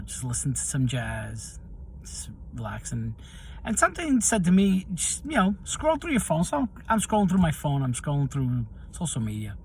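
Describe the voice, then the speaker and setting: A man's voice: medium pitch, slight background noise. A middle-aged man telling personal stories in a casual monologue to camera, getting heated as he recounts what angered him. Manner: storytelling, animated when recounting anger. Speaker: video host.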